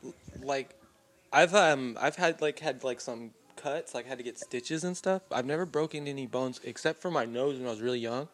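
A man's voice: medium pitch, moderate pace, a bit bright. A young man co-hosting a podcast, telling rambling stories in casual chat, with lots of fillers and swearing. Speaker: podcast co-host.

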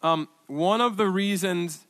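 Male pastor, higher-pitched, delivering a sermon; restart-heavy storytelling that swells into emphatic refrains. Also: takes it slowly, fairly bright tone. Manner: storytelling with many restarts and asides, rising to emphatic repeated declarations.

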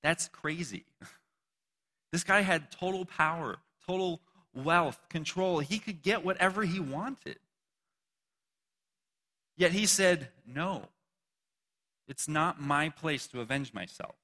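Man, casual preacher, bright voice, slow dramatic scripture reading, long hall reverb. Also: fairly high pitch. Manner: conversational, reads scripture slowly and dramatically, frequent laughs and "right?".

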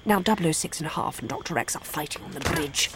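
A woman reading a children's story aloud in an animated, gleeful, theatrical way. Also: low voice, fast talker, heavy background noise. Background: music.

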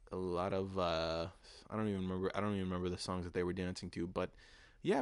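A man's voice: fairly low pitch, no echo, clean studio sound. A man in his twenties hosting a podcast, telling a story in a rambling, profane way full of filler words. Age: 20s. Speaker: podcast host. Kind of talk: casual storytelling monologue.

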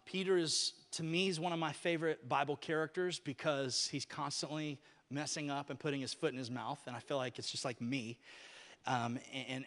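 A male pastor preaching a sermon, telling stories with animated voices that rise to near-shouting at the peaks. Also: on the high side, big-room sound.

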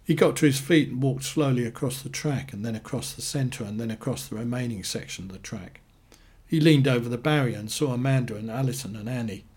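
A man reading short stories aloud in a dry, deadpan way. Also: mid-range voice, fairly quick, slightly rough. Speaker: narrator.

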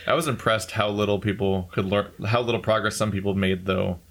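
A man's voice: on the low side, steady tone, a little fast, gravelly, a bit bright. A young man chatting casually, teasing his friend, laughing often and telling stories with lots of animation. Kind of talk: casual chat.

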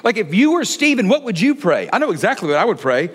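A pastor delivers a conversational sermon, talking fast in a husky, sing-song voice. He leans on rhetorical questions and often drops into a quiet, low tone for emphasis.

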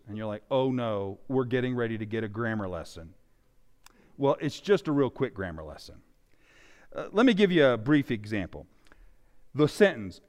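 A male pastor preaching a sermon, with animated emphasis that swings loud and soft. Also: medium pitch. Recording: long reverb of a large hall.

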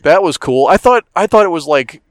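On a laid-back podcast, a middle-aged co-host gets heated while swearing his way through a ranting story. He talks fairly quickly and animatedly in a voice on the high side, with no room sound.

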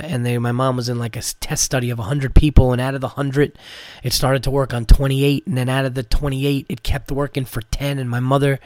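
A comedian and podcast host from New York tells a casual, profane, rambling story with many restarts, sounding tired from medicine. His medium-pitched voice is a little mellow, with no echo.

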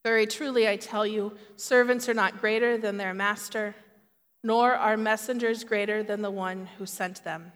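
A woman preaching a sermon in a measured, earnest way. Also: medium pitch, fairly even intonation, a bit bright, in a large hall.

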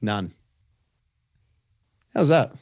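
An Australian man tipping horse races on a podcast, chatty and quick, with lots of fillers and restarts. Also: lowish voice, animated, a little mellow, no echo, clean studio sound. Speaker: racing podcast tipster. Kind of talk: casual racing chat.

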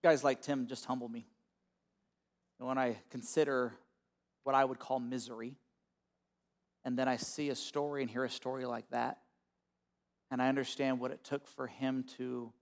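A man preaching a sermon as pastor, moving between quiet, low reflection and loud, emphatic calls to the congregation. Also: level tone, moderate pace, creaky, pauses often.

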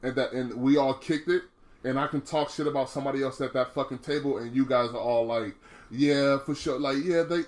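A man's voice: mid-range voice, steady tone, quick pace. A man co-hosting a podcast, talking frankly in casual chat, swearing often and calling others "bro". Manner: frank, profane, says "bro" a lot, many restarts. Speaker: podcast co-host.

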